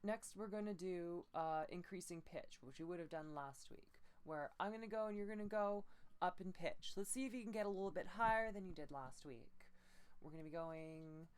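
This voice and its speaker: A woman voice coach with low energy, gently leading breathing and pitch exercises step by step. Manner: slow, gentle step-by-step instruction with breathy demo sounds. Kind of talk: guided voice training exercises.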